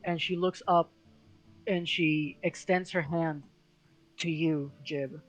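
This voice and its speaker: A game master narrating a tabletop game in a casual, halting way, with many fillers. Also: mid-range voice, steady tone, soft background music, poor audio.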